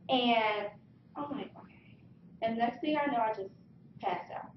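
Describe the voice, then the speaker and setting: A young woman giving a lively personal story speech, acting out the voices of the people in it. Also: on the high side, moderate pace, a little hiss or hum. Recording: distant mic in an echoey room, dull sound.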